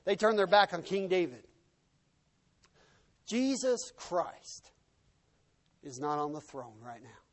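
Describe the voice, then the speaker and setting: A male preacher with a high, animated voice that climbs and drops all over. He tells the story dramatically, acting out the shouts and the quoted speech of the people in it. He swings from hushed asides to loud calls. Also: brisk, hardly any pauses. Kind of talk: sermon.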